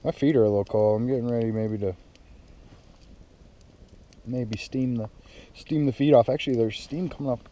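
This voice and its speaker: A man's voice: mid-range voice, moderate pace, long pauses, mellow. A young man chatting casually while camping alone outdoors, rambling with lots of fillers. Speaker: outdoor vlogger. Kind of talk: casual solo camping vlog. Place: outdoors at a mountain campsite.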